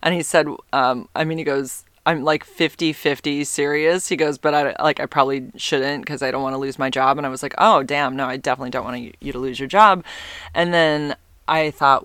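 A woman's voice: deep voice, steady tone, moderate pace, a bit bright, clear, resonant tone, dry recording. Forties woman rambling about her dating life, lots of um and like, dry close sound. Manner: chatty, rambling, lots of fillers and self-interruptions. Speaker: vlogger. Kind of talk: casual confessional dating story.

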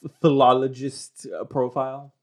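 A man's voice: medium pitch, fairly even intonation, moderate pace. A man hosting a casual podcast, loose and teasing, swearing freely. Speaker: podcast host. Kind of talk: casual podcast chat over a call.

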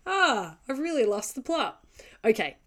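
A woman's voice: fairly high pitch, sing-song, unhurried, slight background noise. A woman co-hosting a podcast in casual chat, reading listener stories aloud and often breaking into giggles. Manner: giggly, chatty, digresses. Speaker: podcast co-host.

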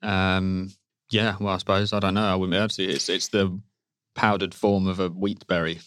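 A man's voice: low-pitched, level tone, normal speed, fairly bright tone, dry recording. A man hosting a food podcast, hesitant and self-deprecating as he asks questions. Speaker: podcast host, food editor. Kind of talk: casual interview chat.

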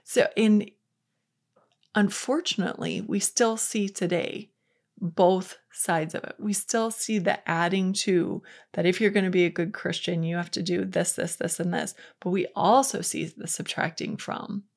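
Taking her time in a lowish voice, a female podcast host leads a faith-focused Bible lesson that feels both earnest and conversational, performing the quoted passages as she goes.

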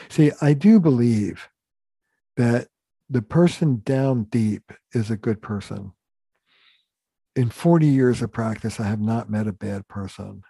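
A man's voice: medium pitch, unhurried, vocal fry, mellow, husky, dry recording. An older man, a family therapist, telling stories earnestly and with emphasis in a podcast interview, acting out the dialogue he quotes.

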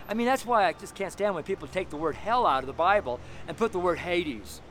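Fervent high-voiced man preaching on a street. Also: lively intonation, a little fast, few pauses. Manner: loud, blunt and fervent, talking to passers-by. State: tired. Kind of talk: outdoor street sermon. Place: city street with walls around. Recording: faint city street noise. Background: traffic and street noise.

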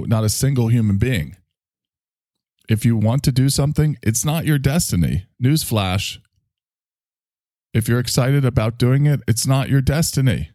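A man's voice: medium pitch, animated, measured pace, mellow, no echo, clean studio sound. A man hosting a solo comedic monologue, rambling in a wry, self-mocking way. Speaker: host.

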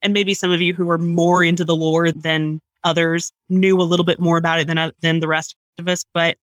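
A woman co-hosting a podcast, chatting casually about a movie in an animated, mock-offended way. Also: fairly low pitch, fairly quick, dry recording. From United States. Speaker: podcast co-host. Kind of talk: casual movie review chat.

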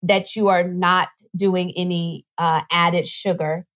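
A woman guest on a podcast, explaining nutrition in a casual, animated way and acting out little voices as she goes. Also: lowish voice. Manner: animated, acts out voices in quick asides.

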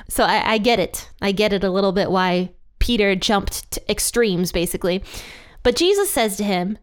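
A woman's voice: mid-range voice, expressive, normal speed. A woman hosting a Bible study, explaining scripture in a chatty way with light laughs between points. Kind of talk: casual Bible teaching.

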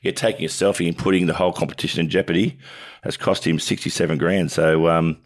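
An Australian man co-hosting a sports show, matey and halting, with many restarts. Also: low voice, steady tone. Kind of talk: casual sports chat.

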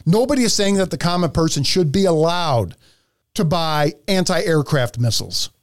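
A man's voice: on the high side, expressive, normal speed. A man hosting a podcast, ranting profanely through heated political commentary. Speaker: podcast host.

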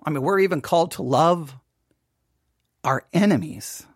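Devotional host, informal earnest storyteller, mid-pitched, dry home recording. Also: moderate pace, husky, dry recording. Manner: earnest, storytelling, with many restarts. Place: home setup for a live broadcast.

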